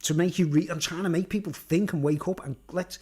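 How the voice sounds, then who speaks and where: A man's voice: a little high, fairly even intonation, brisk, a little mellow, breathy edge. A man, rambling through a monologue and constantly tacking on "right?" and "you know what I mean?", blunt and sweary, with chuckles. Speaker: vlogger.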